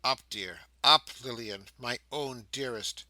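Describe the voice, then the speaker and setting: A man's voice: medium pitch, slow, pushed and bright, no room sound. A man reading an audiobook, voicing a devoted young working woman who speaks tenderly and fervently.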